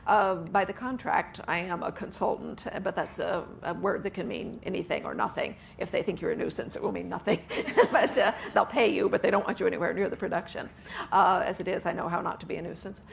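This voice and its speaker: Fairly quick and steady in tone, this woman's low-leaning voice carries vocal fry, with a little hiss or hum behind it. Being interviewed on stage at a book festival before an audience, the author chats away with frequent laughs and "uh" fillers.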